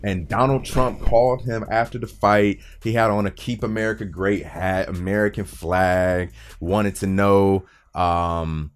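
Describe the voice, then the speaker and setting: A man's voice: fairly low pitch, fairly even intonation, a little slow, hardly any pauses. A man hosting a loose, profane sports podcast, rambling through the week's news. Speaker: podcast host. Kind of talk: casual sports chat.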